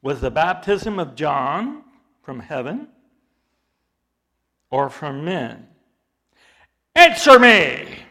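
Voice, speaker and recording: A man preaching a sermon, reading scripture aloud with dramatic emphasis and explaining it slowly and deliberately, his intensity rising as he goes. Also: fairly high pitch, big pitch swings. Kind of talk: expository sermon.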